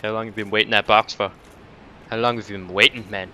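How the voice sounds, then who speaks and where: A man doing casual let's-play commentary, cursing and taunting enemies, dropping to mutters and then breaking into loud outbursts. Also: on the low side, little pitch movement, quick pace, a little hiss or hum. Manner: profane, talks back to enemies, swings between mutters and outbursts. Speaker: gameplay commentator.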